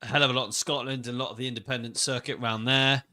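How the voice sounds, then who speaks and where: Racing along in a mid-range voice, this wrestling podcast co-host rambles through casual chat and stories, joking and animated throughout.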